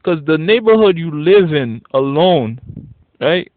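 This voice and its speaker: A man in a casual, profane ranting monologue, blunt and getting animated when worked up. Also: a little high, a little slow, no room sound. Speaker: vlogger. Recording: tinny phone-like dry audio.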